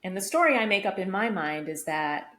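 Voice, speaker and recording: A woman co-hosting a podcast shares a personal story openly and reflectively, full of casual fillers, in a medium-pitched, fairly bright voice that's lively and brisk. She's in an echoey room at home, with a vacuum running outside the door and faint background noise.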